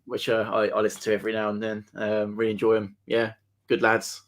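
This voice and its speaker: A man's voice: on the low side, completely flat delivery, brisk. A man from England, a guest in a casual hobby chat, easygoing and hesitant, with frequent ums and laughs.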